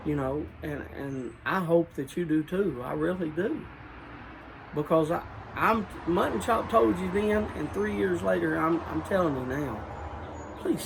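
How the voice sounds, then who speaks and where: A man's voice: sits high, lively intonation, measured pace, creaky, background noise. A man with a rural Southern US accent talking in a casual, rambling vlog style about pipe tobacco, repeating and correcting himself and earnestly urging his viewers.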